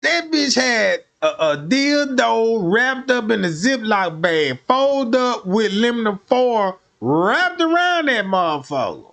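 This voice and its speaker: A man's voice: very high voice, bright, forceful tone. A man streaming, telling a crude comic story in a profane, rambling way and often checking that listeners follow.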